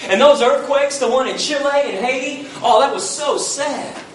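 A man mimicking a sanctimonious pious person who boasts of compassion, in a high, gushing, mock-sweet voice, heard from far off in an echoey hall. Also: moderate pace, slight background noise.

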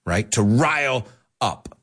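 Lively playful man hosting a show. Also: mid-range voice, slow pace, breathy edge. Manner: playful, mixes Spanish glosses, laughs often. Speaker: show host teaching English. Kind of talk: casual bilingual radio-style show.

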